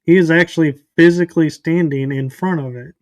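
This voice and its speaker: A man hosting a casual interview, relaxed and curious as he reacts to his guest's stories. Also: a little high, fairly quick, no room sound. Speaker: podcast host.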